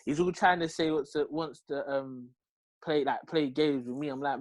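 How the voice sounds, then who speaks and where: A young man with a London accent, telling a story in an animated, slang-heavy way as a podcast co-host. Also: on the high side, normal speed, dry recording. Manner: slangy, lively, full of street slang tags. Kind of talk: animated storytelling in casual chat.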